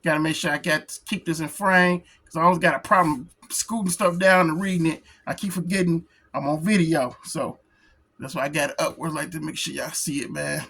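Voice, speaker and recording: A woman's voice: deep voice, fairly even intonation, brisk, creaky, a bit bright, husky. A woman reviewing a comic book on video, giving laughing, slangy commentary with repeated asides.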